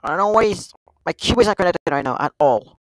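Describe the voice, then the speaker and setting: Excitable woman yelling at a game. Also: on the low side, fast, no room sound, low-quality recording. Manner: excitable, yelps and exclaims at the game, lots of slang. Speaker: gameplay streamer. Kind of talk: casual gameplay commentary.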